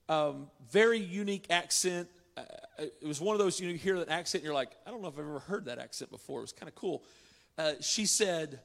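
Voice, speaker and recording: A man's voice: high-pitched, a bit bright. A man preaching a sermon, telling a personal story in a conversational, storytelling way. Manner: storytelling, conversational with southern "y'all". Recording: long hall reverb.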